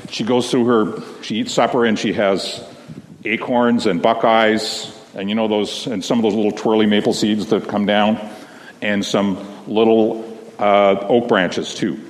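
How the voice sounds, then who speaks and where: Man telling a children's story in church. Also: lowish voice. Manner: gentle, slow storytelling, addressing children. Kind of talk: storytelling to a congregation. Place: large church sanctuary. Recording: long reverb of a big hall.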